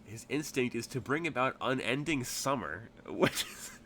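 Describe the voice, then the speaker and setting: A man's voice: medium pitch, animated, a little slow, pushed and bright, slight background noise. A man narrating a tabletop game as game master, rambling through his descriptions with many fillers.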